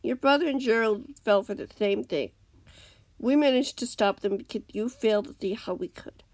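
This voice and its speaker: A woman's voice: on the high side, normal speed, darkish tone, no room sound, lightly acted. A woman reading aloud, voicing a defiant young male captive who challenges his captor. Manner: wary, challenging.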